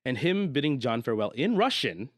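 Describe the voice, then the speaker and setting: A man co-hosting a podcast, chatting through a movie recap in a mid-pitched voice. He gets animated, laughs easily, and his voice jumps up when something surprises him. The sound is dry and close, with no room around it. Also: a little fast, dry recording. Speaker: podcast co-host. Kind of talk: casual movie recap chat.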